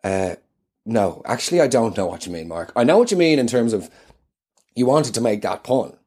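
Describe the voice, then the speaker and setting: An Irish man hosting his own show, delivering an animated, sardonic comedic monologue. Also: medium pitch, normal speed, breathy edge.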